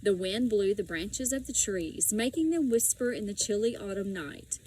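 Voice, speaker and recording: A woman reading a children's storybook aloud in a slow, expressive way. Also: mid-range voice, a little hiss or hum, poor audio. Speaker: audiobook reader.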